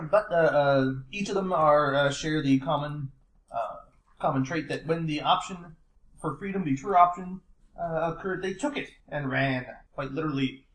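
A man's voice: fairly high pitch, normal speed, fairly bright tone. A man running a tabletop game as game master, recapping the last session with many fillers and restarts. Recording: echoey room.

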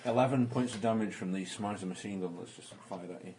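A man running a tabletop game as game master, describing the action in a relaxed, halting way with frequent ums. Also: lowish voice, slight background noise.

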